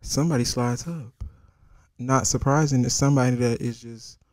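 A young man tells a comic story as host of his own show. He is crude and lively and swings between loud outbursts and quiet asides. His voice sits at a middle pitch and sounds dry and close, with no room echo. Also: moderate pace. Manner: animated and profane, jumping from loud outbursts to hushed asides. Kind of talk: comedic story time monologue.

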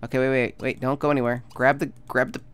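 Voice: mid-range voice, level tone, fast talker, fairly bright tone, clean tone, no room sound, faint music behind. A let's play host giving casual gameplay commentary, chatting away and talking to the game characters with bursts of mock panic.

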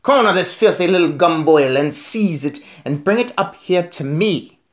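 A man reading a storybook aloud, voicing a vicious old female witch leader in a shrill, screeching voice as she barks commands. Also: animated, normal speed, natural voice. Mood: furious. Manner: barking commands.

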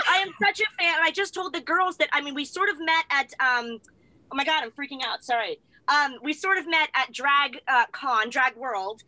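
High bright flustered American woman. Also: moderate pace, dry recording. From United States. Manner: gushing, flustered fan. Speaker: co-host. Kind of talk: excited casual chat.

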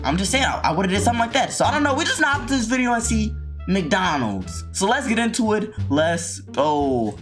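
A man hosting a reaction video, talking casually and joking with loud exclamations. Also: high-pitched, a little fast, faint music behind. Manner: animated, exclaiming and joking, with frequent laughs.

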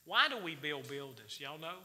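Bright folksy preacher man. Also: fairly high pitch, very animated, normal speed. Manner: folksy, quizzes the congregation with questions. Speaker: church teacher. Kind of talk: Wednesday night Bible study sermon. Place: church sanctuary. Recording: reverberant church hall.

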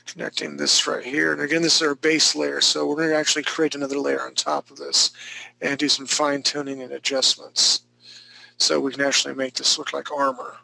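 A male instructor narrates a live drawing demonstration in a relaxed, joking manner. His voice is heavily gravelly and sits a little high for a man. It has a bright, forceful edge. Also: brisk, low-quality recording. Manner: easygoing and joking, talks through each step.

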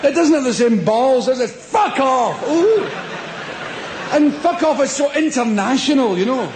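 A man's voice: very high voice, animated, brisk, background noise. A middle-aged Scottish man performing live stand-up comedy in a large theatre, boisterous and swearing freely as he acts out little scenes. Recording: echoey live stage recording with crowd. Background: audience laughter.

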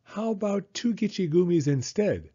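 A man's voice: lively intonation, normal speed, dark tone, breathy edge, muffled recording. A man doing a whiny, dramatic little boy. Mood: bargaining. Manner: pleading, high and theatrical.

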